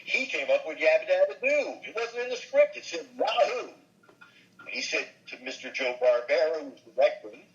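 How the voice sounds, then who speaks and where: An older man, both comedian and voice actor, tells show-business tales in an interview, animated and prone to character voices. He sounds a little high and talks at a moderate pace, over dull audio.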